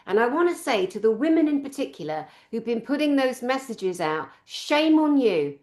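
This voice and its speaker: A woman's voice: fairly high pitch, sing-song, moderate pace, a little mellow, echoey room. A woman hosting a casual chat, outspoken and blunt with her opinions. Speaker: podcast host.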